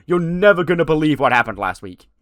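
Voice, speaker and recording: A man voicing a brash male wrestling champion, loud and complaining. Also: fairly high pitch, big pitch swings, fast, dry recording, pitched above the performer's own voice. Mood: indignant.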